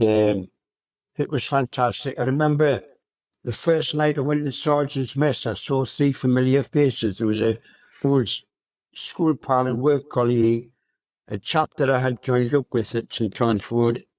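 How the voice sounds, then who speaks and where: A hundred-year-old man recounting his wartime memories as an interview guest, speaking in a halting, unhurried way with many fillers. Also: medium pitch, steady tone, a little mellow, dry recording. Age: 100. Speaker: RAF veteran guest.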